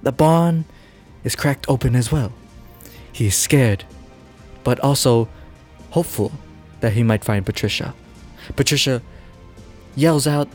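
A man's voice: mid-range voice, unhurried, pauses often, darkish tone, soft background music. A man hosting a podcast, making up a silly story, rambling and laughing at himself. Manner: rambling, giggly, self-interrupting. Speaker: podcast host. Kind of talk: improvised comic storytelling.

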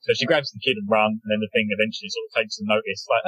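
A man chats quickly on a podcast, with a slightly husky voice. He rambles through a recap and chuckles often, in an easy, casual way. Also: fairly low pitch, a bit bright, dry recording, lo-fi sound. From not American. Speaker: podcast co-host. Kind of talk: casual chat recapping a manga.

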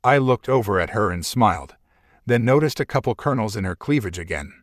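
A man's voice: on the low side, animated, a little fast, no room sound, studio quality. A man narrating a first-person story in a wry, conversational manner.

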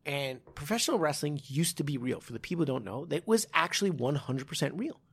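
A man's voice: fairly high pitch, animated, fast, vocal fry, a bit bright, slightly rough. A man co-hosting a casual podcast as a martial arts coach, rambling with lots of restarts and laughing easily. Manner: rambling, many restarts and fillers, laughs often.

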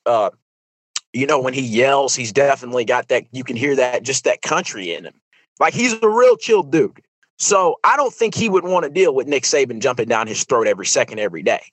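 A man's voice: medium pitch, lively intonation, a little fast, dry recording, poor audio. A young man hosting a sports podcast, rambling through casual football talk with lots of fillers and restarts. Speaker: podcast host. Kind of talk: casual sports commentary monologue.

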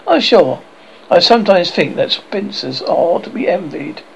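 A man's voice: high-pitched, big pitch swings, measured pace, vocal fry, slight background noise, heavily acted, poor audio. A man reading aloud and voicing a bossy, motherly young girl who scolds and fusses over the other children. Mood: fussing. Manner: fussy, scolding.

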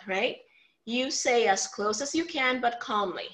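A woman coaching a workshop on tough family conversations, her voice sitting a little high. She talks in an animated way, voices the example lines herself, and keeps checking in with "right?". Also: measured pace, low-quality recording. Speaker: communication coach. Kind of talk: teaching a workshop talk.

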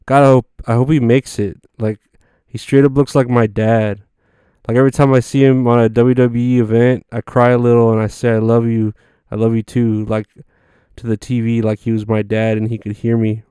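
A man's voice: mid-range voice, level tone, brisk, warm tone, clean tone, no echo, clean studio sound. Sarcastic, foul-mouthed man ranting. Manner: crude, sarcastic and profane; rambling with frequent fillers. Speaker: podcast host. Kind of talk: comedic rant monologue.

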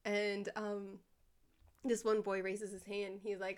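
A woman's voice: mid-range voice, normal speed. A young woman, an elementary school teacher, telling classroom stories in a casual chat, often giggling. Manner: giggly, animated storytelling with quoted kids.

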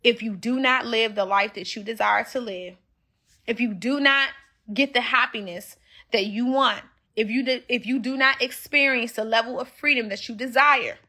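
Woman preaching motivation on a live show, bright kinda high voice, says things over and over, talks right at you. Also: moderate pace. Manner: preachy, repetitive, addresses listeners directly. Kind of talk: motivational talk on a livestream.

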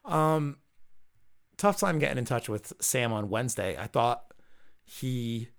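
A man's voice: mid-range voice, lively intonation, slow pace, creaky. A man hosting a podcast, casually telling a long, profane anecdote and quoting the people in it. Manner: profane, rambling anecdote with quoted dialogue. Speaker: podcast host. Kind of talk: casual storytelling.

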